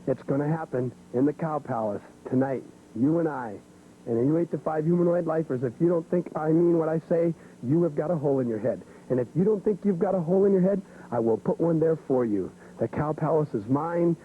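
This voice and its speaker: A man's voice: a little high, a little fast, a little hiss or hum. A man cutting an arrogant, sneering heel wrestling promo full of insults and threats. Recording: tinny lo-fi archival 1970s TV audio.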